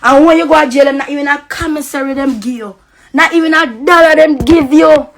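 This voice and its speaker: A Costa Rican social media personality with a Jamaican Patois accent rants heatedly and profanely on a live stream. Her voice is high and a little fast.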